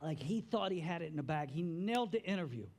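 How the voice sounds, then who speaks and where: High-voiced, animated preaching man. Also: quick pace. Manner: animated preaching with joking asides. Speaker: pastor. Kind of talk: sermon.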